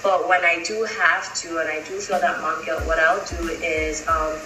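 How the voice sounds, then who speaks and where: A woman's voice: low voice, flat delivery, normal speed, reverberant, recorded from a distance, noisy background. A woman hosting a podcast, chatting candidly about motherhood and laughing often. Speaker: podcast host. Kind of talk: casual podcast chat.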